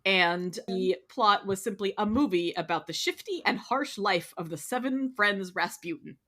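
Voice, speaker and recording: A woman's voice: medium pitch, moderate pace, pushed and bright. A woman hosting a comedy podcast, chatting casually with lots of laughter and setting up a script reading. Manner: giggly, introduces cast and reads stage directions. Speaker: podcast host.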